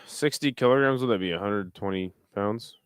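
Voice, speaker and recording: A relaxed, foul-mouthed man hosts a late-night fight watch-along and trades jokes with his chat. His voice comes through smooth and clear, recorded dry on a close desk mic with no room sound. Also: lowish voice, normal speed, no room sound. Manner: laid-back, profane, jokey asides to chat. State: tired, burping. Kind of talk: casual live commentary.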